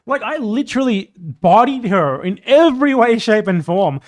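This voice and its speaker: A man's voice: high-pitched, sing-song, normal speed. Combative young man ranting on a live stream. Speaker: political streamer.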